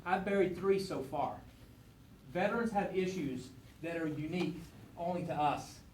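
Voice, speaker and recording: This guest speaker at a veterans event, a man whose voice runs on the high side, moves at a moderate pace from storytelling to earnest, folksy words. The background is noisy, in an echoey room with faint ambience.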